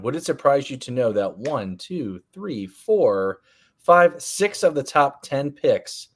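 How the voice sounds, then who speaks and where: A man co-hosting a live fantasy baseball show, answering viewer questions in casual talk full of ums and restarts. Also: mid-range voice. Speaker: fantasy baseball podcast co-host. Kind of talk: casual live-stream chat.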